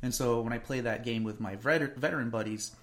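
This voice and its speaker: A man chatting casually with a friend, quick to get animated. His voice sits at an ordinary middle pitch. When he retells a story he breaks into exaggerated put-on voices. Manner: animated, puts on mocking voices in anecdotes. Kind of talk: casual chat.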